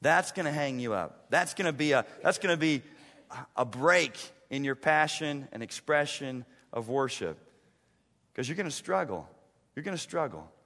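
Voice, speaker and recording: High bright-voiced preaching man. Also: lively intonation, normal speed, big-room sound. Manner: impassioned, swings between loud emphasis and hushed asides. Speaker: pastor. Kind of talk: sermon. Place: church sanctuary.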